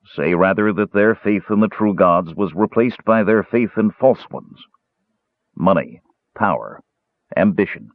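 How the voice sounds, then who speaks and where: A man's voice: low-pitched, animated, unhurried, no room sound. A man voicing a stern, solemn old male elf cleric who appears as a ghostly spirit. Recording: tinny phone-like dry sound.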